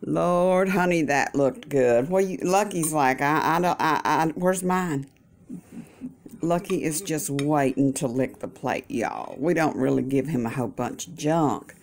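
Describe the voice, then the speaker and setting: With a low, creaky, slightly mellow voice, she talks at a measured pace and barely pauses. The setting is her kitchen breakfast table, where this vlogger caring for her mother chats casually in a folksy manner, adding religious asides.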